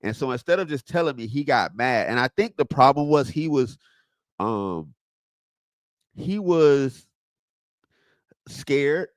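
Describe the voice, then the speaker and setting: Speaking slowly with long pauses, a Southwest Florida man on a livestream tells animated stories and answers viewers casually. His mid-range voice is clean studio sound with no room noise.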